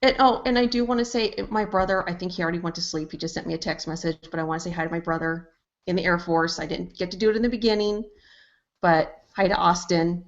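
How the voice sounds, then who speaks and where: A woman co-hosts a casual live-streamed show, speaking fast in a lowish voice with fairly even intonation. Laughing, she greets viewers by name with shout-outs, all over dull lo-fi stream audio.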